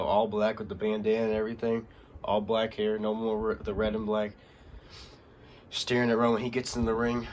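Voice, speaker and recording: A man with a fairly low voice hosts a casual wrestling recap. He rambles, leans on fillers like "um" and "like," and grows excitable as he goes. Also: slight background noise. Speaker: wrestling vlog host.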